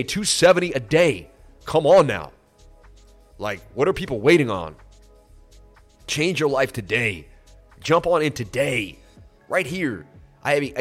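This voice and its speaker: A man of ordinary pitch hosts a trading livestream, talking loosely and emotionally. His nose is stuffy from crying, and he turns salesy and boastful. Soft music plays faintly underneath. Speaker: crypto trading livestream host. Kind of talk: emotional, rambling live-stream talk.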